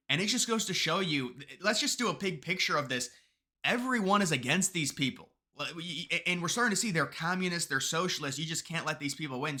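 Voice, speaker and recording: Bright-voiced man, opinionated political commentary. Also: medium pitch. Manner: opinionated, mocking, quick asides. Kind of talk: casual political commentary video.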